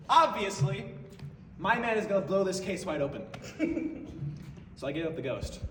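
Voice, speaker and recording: A man performing a stand-up comedy story, animated and prone to breaking into laughter. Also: high-pitched, normal speed, pauses often, some chatter behind. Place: stage in a venue. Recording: echoey hall from far off, noisy.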